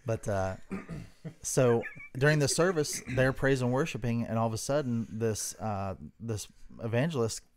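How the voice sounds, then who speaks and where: A man co-hosting a casual talk podcast, telling a story in a relaxed conversational way. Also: medium pitch, unhurried, slight background noise. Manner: tells stories, briefly mimics voices. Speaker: podcast co-host.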